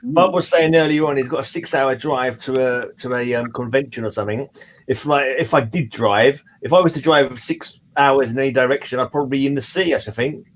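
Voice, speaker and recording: A man's voice: medium pitch, a little fast. Chatty British man hosting a stream. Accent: British English. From United Kingdom. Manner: relaxed, chatty, laughs often. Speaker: stream host. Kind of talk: casual group video chat.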